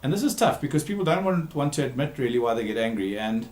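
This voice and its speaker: A man who works as a therapist gives a recorded talk, speaking emphatically, repeating key words and pausing with frequent ums. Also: medium pitch, big pitch swings, darkish tone, reverberant. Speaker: therapist giving a talk series.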